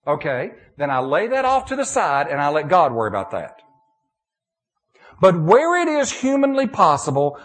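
Middle-aged male preacher, high voice that swings widely, folksy sermon delivery. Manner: animated, folksy, many restarts and "okay?" checks. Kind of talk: sermon with audience questions.

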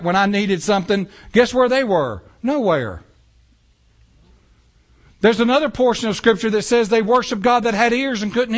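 A man delivers a sermon from the pulpit. His voice sits high for a man, and he keeps things animated with rhetorical questions and offhand remarks to the congregation. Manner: animated preaching with casual asides and rhetorical questions. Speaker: pastor. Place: church sanctuary.

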